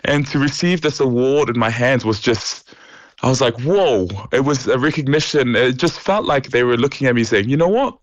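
A man's voice: medium pitch, lively intonation, moderate pace, no room sound, lo-fi sound. A man from New Zealand, an opera singer, chatting in an interview over a remote line, laughing often and telling stories animatedly. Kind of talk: casual interview.

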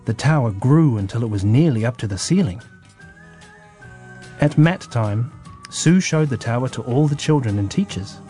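A man reading a children's story in a calm, measured way. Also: mid-range voice, soft background music.

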